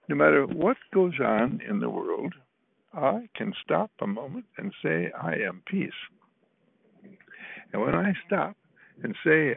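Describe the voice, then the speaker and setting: Slow gravelly man, soothing affirmations. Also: medium pitch, animated, no room sound. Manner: slow, soothing, repeats affirmations, chuckles often. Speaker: spiritual counselor. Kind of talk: inspirational talk. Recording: tinny phone-like recording.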